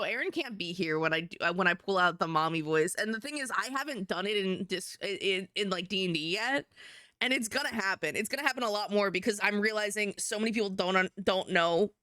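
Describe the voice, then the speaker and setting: A woman's voice: mid-range voice, bright, forceful tone, no echo, clean studio sound. A woman streamer chatting in a rambling, self-mocking way while she draws. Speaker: streamer and artist. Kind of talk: casual chat while drawing on stream.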